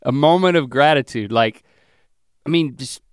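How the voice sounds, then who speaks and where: A man's voice: moderate pace, smooth, no room sound, studio quality. A middle-aged man co-hosting a casual comedy chat, telling rambling, self-mocking stories about his kids. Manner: rambling, self-mocking storytelling with lively pitch swings. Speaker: podcast co-host.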